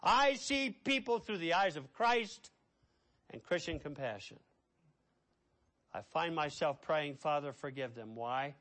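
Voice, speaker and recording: A middle-aged man preaching a sermon as pastor. He swings between hushed, quiet passages and loud, impassioned ones. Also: fairly high pitch, animated, unhurried, pauses often.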